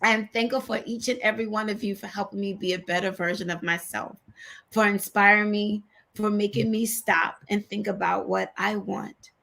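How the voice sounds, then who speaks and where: A woman's voice: mid-range voice, fairly even intonation, normal speed, gravelly, a bit bright. A woman co-hosting an online talk show, speaking in heartfelt casual chat, sincere and emotional, repeating herself as she goes. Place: video call.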